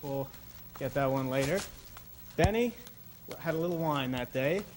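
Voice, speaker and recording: A man's voice: fairly high pitch, measured pace, noisy background. A man performing as a guest comedian on stage, telling a long rambling joke while juggling, stopping to correct himself. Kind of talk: stand-up storytelling with juggling. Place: stage before a live audience.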